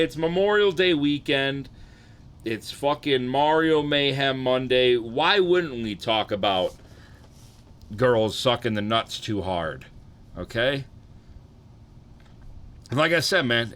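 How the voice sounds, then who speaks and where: A young adult man chatting casually and profanely on a live stream, rambling and tired, keeping his energy low. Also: a bit bright.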